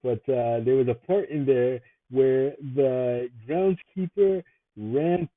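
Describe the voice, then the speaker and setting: A man's voice: medium pitch, slow pace. A man vlogging, telling funny stories in a rambling, casual way and laughing at them as he goes. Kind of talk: casual storytelling. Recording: tinny phone-like dry sound.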